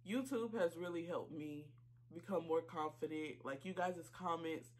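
A woman reaction vlogger, talking casually while choked up and tearful, halting with many fillers and apologies. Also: low-pitched, darkish tone. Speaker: YouTube reaction channel host. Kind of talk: casual reaction vlog talk.

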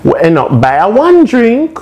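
A young man with a Jamaican accent telling a comic storytime, animated and laughing as he goes. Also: very high-pitched, unhurried, slight background noise. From Caribbean. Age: young adult. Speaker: vlogger.

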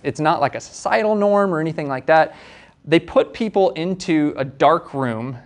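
A young man teaching a university class in a relaxed, chatty style. He hedges often and keeps checking in with the room through tag questions, and his voice sits at an ordinary middle pitch. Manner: conversational, hedging, tag questions. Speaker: university lecturer. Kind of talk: casual classroom lecture.

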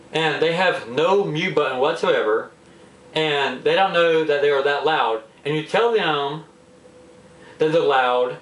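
A man with a slightly high voice, talking in a casual, exasperated rant straight to the camera. He sounds a little away from the mic, and the room around him is echoey. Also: far from the mic. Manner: exasperated, animated complaining. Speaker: vlogger. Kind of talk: casual ranting monologue. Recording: roomy echo, a bit off-mic.

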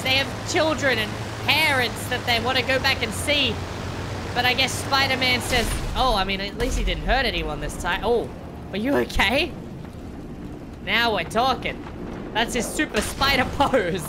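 A woman's voice: on the high side, noisy background. A woman giving playful, jokey reaction commentary as a video host, full of exclamations.

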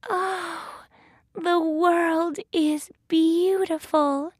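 Woman narrator voicing a tiny, gentle girl for a storybook: high, very slow, dry close sound. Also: no room sound. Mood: wistful, joyful. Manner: slow, clear storybook delivery. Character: tiny sweet young girl, gentle and hopeful.

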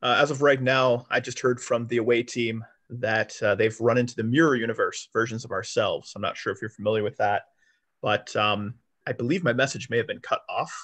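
A man playing a ship captain in a tabletop game, calm and commanding with some fillers. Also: medium pitch, a little fast. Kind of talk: tabletop role-play.

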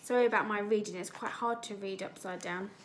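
A woman teacher with an English accent reads a storybook aloud to young children, pausing to explain words and ask them questions. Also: medium pitch, fairly even intonation, a little hiss or hum. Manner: slow, gentle and explanatory, asking the children questions. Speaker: primary school teacher.

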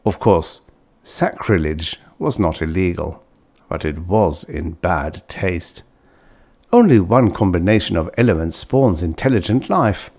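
Male audiobook narrator, low and expressive, reads old science fiction. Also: unhurried. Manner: voices characters with raised pitch. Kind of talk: scripted narration of a vintage science fiction story.

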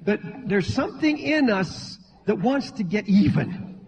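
A man preaching a sermon to a church congregation, his voice leaping up in pitch and volume when he acts out pleading believers. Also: very animated, a little slow, a little mellow, a little hiss or hum. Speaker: pastor. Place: church sanctuary. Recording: dull lo-fi sermon recording in a large reverberant hall.

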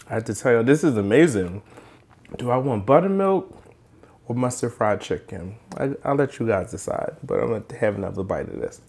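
A man's voice: mid-range voice, very animated, a little fast, creaky, darkish tone, slightly rough. A man hosting a casual home cooking vlog and tasting food in his kitchen, talking eagerly and directly to his viewers. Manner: chatty, enthusiastic, talks straight to viewers. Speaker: cooking channel host. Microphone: handheld microphone.

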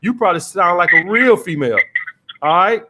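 A man's voice: high voice, expressive, a little fast, very noisy. A man coaching callers on dating, lecturing bluntly and cursing freely. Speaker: dating coach taking calls. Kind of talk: call-in advice show.

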